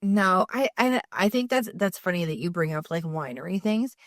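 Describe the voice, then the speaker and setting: A woman's voice: lowish voice, normal speed, dry recording, clean studio sound. A woman in her thirties co-hosting a podcast in casual chat, telling stories and acting out what friends said. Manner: chatty storyteller, acts out friends' quotes, lots of "like". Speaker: podcast co-host.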